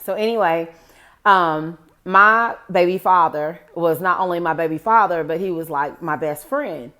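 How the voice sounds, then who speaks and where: In a low, sharp-toned voice at a measured pace, a woman in her forties shares a personal story with her viewers. Her storytime to camera is chatty and rambling, and she keeps addressing them as "guys."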